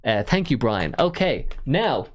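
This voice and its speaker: Lively chatty stream host man. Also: mid-range voice, measured pace. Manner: chatty, self-mocking, rambling with fillers. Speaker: live-stream call-in show host. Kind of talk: casual live-stream chat.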